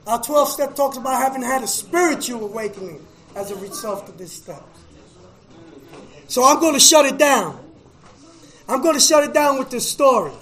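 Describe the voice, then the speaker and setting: A middle-aged man telling his recovery story to a meeting, emotional, with a preacher-like rhythm, going from hushed to shouting and repeating "man.". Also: very high-pitched, animated, moderate pace, reverberant, rough recording. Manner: preacher-like, repeats phrases, says "man" often. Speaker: recovery speaker at a fellowship meeting. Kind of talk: personal testimony to an audience.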